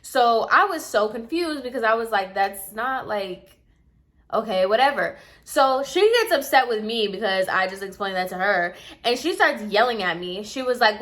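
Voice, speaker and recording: A woman's voice: fairly high pitch, lively intonation, moderate pace, a bit bright. A woman telling a storytime about a difficult client in a casual, exasperated way, acting out both sides of the conversation. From Puerto Rican heritage. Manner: chatty, exasperated, acts out both sides with quoted lines.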